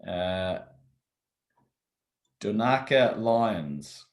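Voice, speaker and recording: A man with a fairly low voice speaks slowly on a golf podcast. He is hesitant and checks himself as he answers. His voice echoes around the room he is recording in. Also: expressive. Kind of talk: casual podcast chat.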